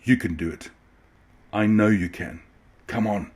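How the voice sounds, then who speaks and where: A man voicing a grumpy male steam train with a low, gruff voice in a children's story. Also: a little slow, a little mellow. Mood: encouraging.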